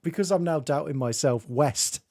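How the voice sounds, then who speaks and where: A man's voice: on the high side, normal speed, a little mellow, no room sound, clean studio sound. A man streaming and chatting casually, reading chat aloud and laughing often.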